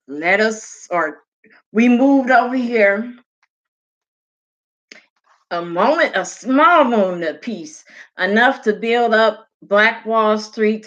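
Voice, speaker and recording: A woman's voice: mid-range voice, fairly bright tone. A woman vlogger giving casual, heated, profane commentary in a blunt manner, on muffled lo-fi audio.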